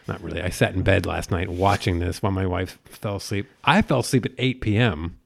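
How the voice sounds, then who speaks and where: A man in his thirties co-hosting a casual chat, profane and animated as he tells stories. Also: low-pitched, normal speed, creaky, slight background noise.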